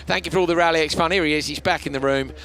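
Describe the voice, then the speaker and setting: A male rallycross commentator, hoarse and tired, chatting warmly and emotionally on a live broadcast. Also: fairly high pitch, steady tone, racing. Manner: chatty, emotional, laughs often. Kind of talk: casual live broadcast chat.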